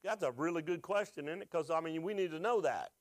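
Man preaching a sermon, rather high voice. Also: lively intonation, quick pace, no echo. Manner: preaching with call-and-response questions to the congregation; emotional, voice rising when moved. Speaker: pastor.

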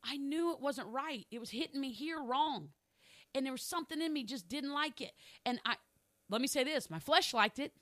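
A woman's voice: sits high, expressive, normal speed, fairly bright tone, dry recording. A middle-aged woman pastor preaching a sermon, telling a candid personal story and repeating phrases for emphasis.

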